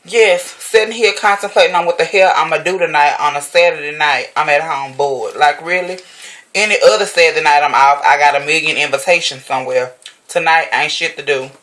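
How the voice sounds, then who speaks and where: A woman ranting casually to camera at home, profane and sassy, jumping up high in pitch when she exclaims. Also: fairly quick, fairly bright tone. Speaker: vlogger.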